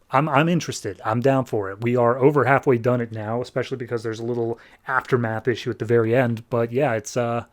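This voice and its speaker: A young man hosting a podcast, who gives a casual review and plot recap of a comic book. He talks in a loose, filler-heavy way. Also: mid-range voice. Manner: chatty, filler-heavy, acts out quotes in a loose paraphrase.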